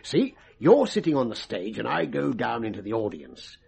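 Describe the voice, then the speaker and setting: A brash stage mind-reader, breezy and wheedling, full of slang. His voice is gravelly and husky, and it swings wildly up and down. This is vintage radio drama acting. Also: medium pitch, sing-song, normal speed, a little mellow, exaggerated voice.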